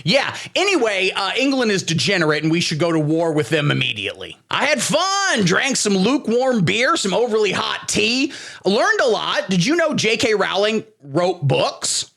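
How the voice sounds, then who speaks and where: Male host, satirical monologue, deadpan, gravelly, animated. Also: sits high, moderate pace. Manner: deadpan, sarcastic.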